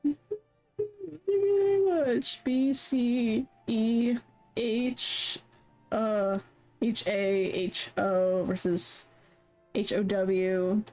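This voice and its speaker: Woman streamer, casual livestream chat, flustered, swearing, sings along, unhurried, faint music underneath. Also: medium pitch, level tone, a little mellow. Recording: music playing in background.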